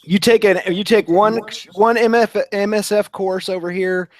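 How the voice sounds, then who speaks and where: A man's voice: sits high, fairly even intonation, normal speed. A middle-aged man chatting bluntly and casually while working in a garage. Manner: laid-back, blunt. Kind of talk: casual chat. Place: home garage.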